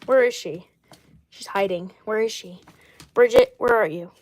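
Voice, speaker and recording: A woman hosting a casual doll livestream, rambling and often clearing her throat. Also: medium pitch, a little slow, darkish tone. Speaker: doll channel host.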